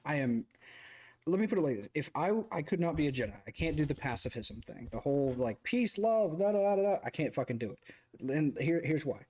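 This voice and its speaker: A man hosting a casual stream, talking in an animated, rambling way with swearing. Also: medium pitch, fast talker, husky. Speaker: streamer host. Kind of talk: casual chat.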